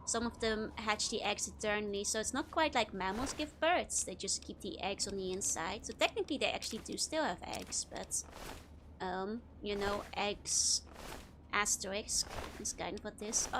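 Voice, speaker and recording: A woman's voice: mid-range voice, lively intonation, moderate pace, noisy background. A woman streaming a video game, chatting casually and giggling often as she rambles about trivia. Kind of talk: casual live-stream commentary.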